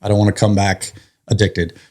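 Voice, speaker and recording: Lower-voiced man telling a raw story. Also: little pitch movement, normal speed, mellow. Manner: candid and vivid, with blunt swearing. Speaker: firefighter guest. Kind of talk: personal storytelling.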